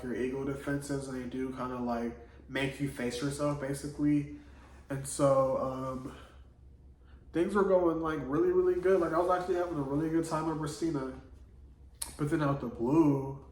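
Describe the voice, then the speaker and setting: A man's voice: mid-range voice, a little mellow. A man vlogging, telling a personal story in a loose, slangy casual monologue full of "like". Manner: loose slangy delivery, heavy on "like". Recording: echoey room, voice from a distance.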